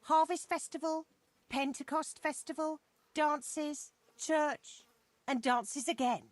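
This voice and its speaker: A woman's voice: high-pitched, fairly even intonation, slow pace, no room sound. An actress voicing a bored village woman in a video game, complaining wearily. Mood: fed up. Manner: weary complaining.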